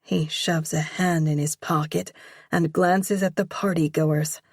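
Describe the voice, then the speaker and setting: A woman narrates a first-person romance in a slow, measured voice. Her tone sits a little low and gravelly, with a husky edge. The recording is close and dry. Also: fairly even intonation, a little mellow, no echo. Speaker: audiobook narrator.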